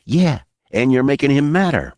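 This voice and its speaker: A man's voice: medium pitch, sing-song, normal speed, darkish tone, no echo, studio quality, pitched above the performer's own voice, close to an everyday voice. A male narrator voicing a nervous, sarcastic young soldier who cracks jokes under pressure. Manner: sarcastic, jittery quips.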